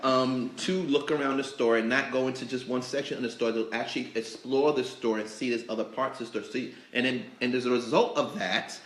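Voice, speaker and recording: A man hosting a casual interview, telling rambling, animated stories about the shop. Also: medium pitch, fairly quick, few pauses. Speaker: host. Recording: echoey store, faint noise.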